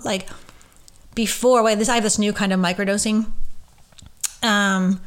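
A woman who works as a medium, hosting a casual solo podcast and talking in a gushing, rambling way full of fillers. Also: medium pitch.

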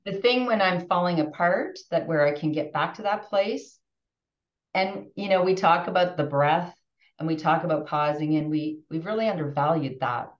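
A woman in her fifties chatting as a podcast guest, animated and emotional, often restarting her sentences. Her voice sits on the lower side. She sounds set back from the mic in a roomy space, with muffled audio. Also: moderate pace, distant mic. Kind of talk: casual podcast conversation.

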